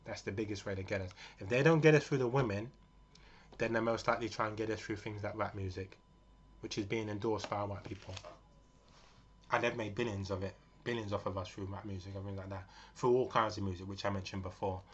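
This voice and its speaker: A man's voice: lowish voice, steady tone, fairly quick, breathy edge. A man in his forties giving a rambling, earnest, casual monologue with many fillers. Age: 40s. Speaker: vlogger. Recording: dull lo-fi with faint noise.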